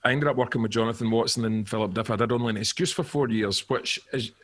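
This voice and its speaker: A Scottish man in his forties, a guest actor on a podcast, telling animated stories and laughing often in casual chat. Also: medium pitch, fast.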